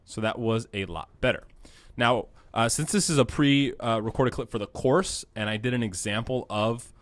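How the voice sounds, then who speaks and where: A man's voice: medium pitch, normal speed, dry recording. A young man casually walking through a video editing tutorial with a practical tone and frequent fillers, speaking into a close mic. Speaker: course instructor. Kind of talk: screen-recorded editing tutorial.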